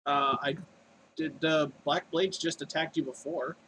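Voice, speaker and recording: A man's voice: a little high, steady tone, unhurried, sharp tone, slight background noise, poor audio. A man narrating as dungeon master, calling out attacks and damage while he thinks aloud. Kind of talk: narrating a tabletop game.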